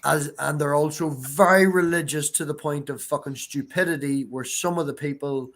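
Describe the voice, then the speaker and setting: A man's voice: fairly high pitch, fairly even intonation, normal speed, fairly bright tone. Man explaining in casual chat. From Northern Ireland. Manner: explains step by step, swears casually. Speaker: stream guest.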